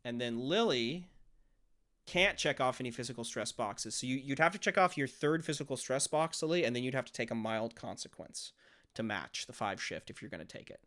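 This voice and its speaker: Guy game-mastering a tabletop rpg, average pitch, explains rules, does monster noises. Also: lively intonation, a little fast, a bit bright.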